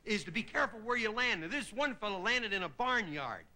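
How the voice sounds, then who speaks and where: High, bright, chuckling comedian man. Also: animated. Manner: joke-telling, chuckling at his own gags, dropping into quick character voices. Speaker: comedian host. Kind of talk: stand-up monologue. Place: television studio stage with live audience.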